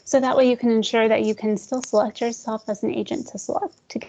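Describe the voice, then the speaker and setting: A woman walks agents through a software demo in a loose, friendly way, calling them "guys" and cracking small jokes when the screen is slow. Her voice sits a bit high. The sound is dull and lo-fi, like audio from a web call. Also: fairly even intonation, gravelly. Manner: chatty, addresses audience as guys, jokes about glitches. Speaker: real estate software trainer. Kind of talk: screen-share software tutorial.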